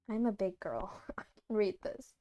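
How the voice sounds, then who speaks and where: A woman's voice: mid-range voice, dark tone, dull audio. A woman streamer reading her own fanfic aloud on a livestream, giggly and self-conscious, full of jokey asides. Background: faint music.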